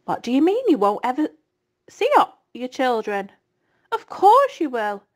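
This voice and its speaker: A woman voicing a young male pig who is eager and innocent, in a high, wondering voice. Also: big pitch swings, a little slow, exaggerated voice. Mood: earnest.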